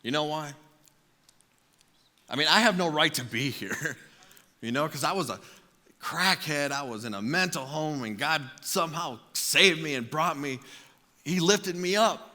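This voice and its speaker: A man preaching a sermon, telling a comic personal story in an animated way with acted-out quotes, in a large church auditorium. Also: a little high, measured pace, long pauses. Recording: long hall reverb.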